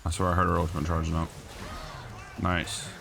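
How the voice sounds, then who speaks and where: Gamer guy, low gravelly voice, irritated running commentary, game music underneath. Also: monotone, a little fast. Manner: exasperated, grumbling at teammates. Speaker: gameplay streamer. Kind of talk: casual gaming commentary.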